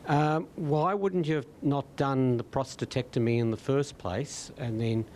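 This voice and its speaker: A man in the audience asks a question at a meeting. He talks in a halting way, full of fillers. A faint low rumble runs under his voice. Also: fairly even intonation, a little mellow. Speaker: audience member asking a question. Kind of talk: question from the floor. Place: meeting room.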